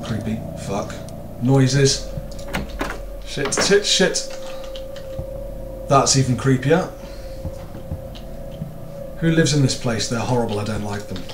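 A man's voice: mid-range voice, lively intonation, slow, pauses often, roomy sound, noisy background. A British man commentating a horror game, nervous and jokey, swearing a lot and screaming in fright. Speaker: gaming YouTuber.

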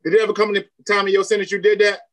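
A man's voice: sits high, flat delivery, rapid-fire, fairly bright tone. A man hosting a casual interview podcast, who reacts in short bursts and asks loose, slangy questions. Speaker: podcast host.

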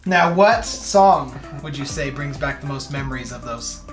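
A man's voice: medium pitch, lively intonation, unhurried. A man hosting an interview, asking short, dry questions. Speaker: host. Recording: roomy room with faint music.

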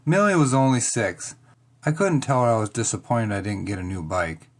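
A reader narrating a first-person children's chapter book, expressive and dramatic. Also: medium pitch, normal speed. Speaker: audiobook reader.

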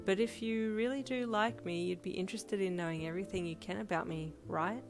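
A woman's voice: medium pitch, fairly quick, natural voice. A woman reading a fan fiction audiobook, voicing a playful, teasing young woman. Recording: loud music bed under voice.

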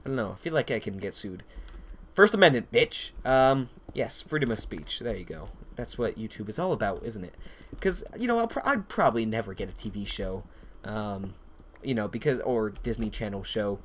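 A man gives casual let's-play commentary over his gameplay, rambling off topic into stories with lots of swearing. His voice is lowish and expressive, at a moderate pace.

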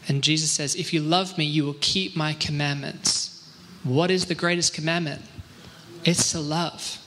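Guy doing a laid back bible talk, kinda jokey, bright punchy voice. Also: fairly high pitch, moderate pace, in a large hall, slight background noise. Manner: relaxed, joking, reads scripture aloud. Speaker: church teacher. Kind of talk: casual Bible teaching discussion.

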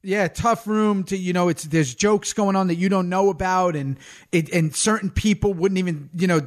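A man's voice: sits high, moderate pace. A man hosting a podcast, telling stories and acting out what people said. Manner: animated storyteller, acts out quotes. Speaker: podcast host. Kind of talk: casual conversation.

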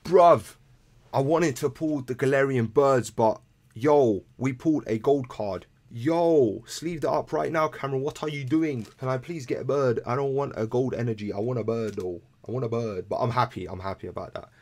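A young man, chatting casually to viewers while opening trading cards, excitable and full of slang. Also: mid-range voice, moderate pace. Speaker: card-opening video host. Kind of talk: casual card-opening commentary. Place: room at home. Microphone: laptop camera.

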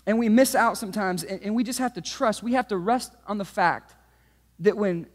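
Pastor, male, 30s, animated storyteller, high voice, big reverberant room. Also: moderate pace. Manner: animated storytelling, swings from hushed to shouting. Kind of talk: sermon. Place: church auditorium. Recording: long hall reverb.

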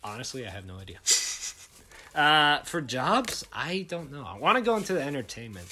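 A young man hosts a casual podcast chat in a bright, ringing voice. His pitch leaps around as he tells animated, joking stories, with a faint hiss under the recording. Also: normal speed. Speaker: podcast host.

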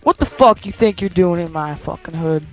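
A teenage boy trading curses and insults in an online game voice chat, whiny and quick to shout. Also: on the high side, soft background music. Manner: whiny, cursing, yelling insults.

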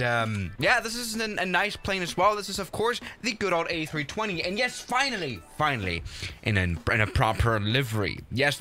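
A young man hosts a flight-sim stream in a casual, rambling way, often restarting his sentences. His voice is bright and slightly high, and it swings all over as he gets excited. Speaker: live stream host.

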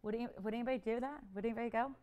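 A woman hosting a live jewelry shopping show, pitching items in chatty, joking, upbeat patter. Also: fairly even intonation, rapid-fire, warm tone. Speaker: shopping channel host.

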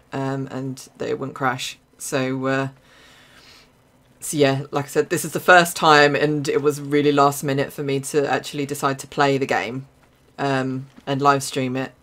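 A young woman with an Essex accent streams herself playing a game, keeping up a loose, chatty running commentary. She reacts quickly with sudden exclamations and laughs in between her remarks. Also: rumbling low. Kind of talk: live gameplay commentary.

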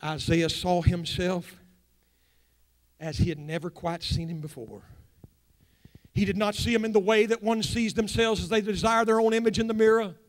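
A pastor with a notably high voice delivers a sermon in a church. He drops into quiet, confiding asides, then builds and rises to loud, ringing declarations. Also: steady tone, normal speed. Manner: swings from hushed asides to loud rising preaching. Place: church sanctuary.

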